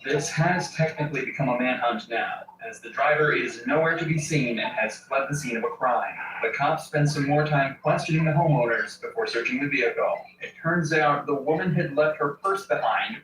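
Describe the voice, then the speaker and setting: A man narrating a police case in a measured, scripted storytelling voice. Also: a little high, reverberant, far from the mic, background noise.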